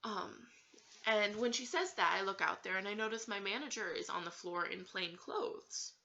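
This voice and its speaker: A woman chats through a personal story in a bright, tense voice, giggling and pausing on fillers as she goes. The recording sounds dull and lo-fi, like a simple home setup. Her pitch sits in an ordinary middle range. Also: gravelly, slight background noise. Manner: giggly, hesitant, many fillers. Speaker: vlogger telling a story. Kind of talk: casual storytime chat.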